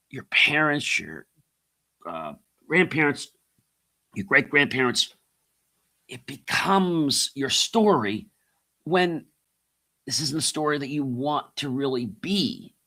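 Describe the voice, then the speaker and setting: Motivational host, middle-aged man, forceful bright voice, calls the audience "guys.". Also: medium pitch. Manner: repeats key phrases, asks rhetorical questions; addresses listeners as guys. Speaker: podcast host and coach. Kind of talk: motivational monologue.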